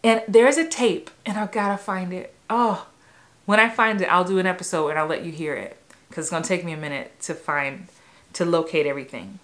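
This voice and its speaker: An acting coach from New York in her forties tells stories about growing up on her own vlog, speaking in a low, brisk voice. She's animated, laughs easily, seems a little emotional, and now and then slips into the voices of people from her memories.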